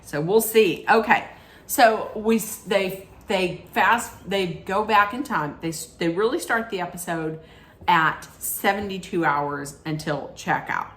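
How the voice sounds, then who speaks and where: A middle-aged woman recapping a reality show in a casual, rambling way, often correcting herself mid-sentence and throwing in animated asides. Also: on the low side, measured pace. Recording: echoey room with faint ambience.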